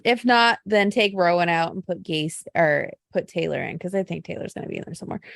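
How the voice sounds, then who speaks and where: A woman co-hosting a casual podcast, gushing and animated as she tells stories. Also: lowish voice, moderate pace, creaky, no room sound. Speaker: podcast co-host. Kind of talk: casual chat.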